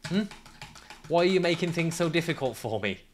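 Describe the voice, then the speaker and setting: A man's voice: on the high side, animated, brisk, slight background noise. A man streaming a climbing game, ranting, swearing and laughing at his climber as he plays. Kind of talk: live gameplay commentary.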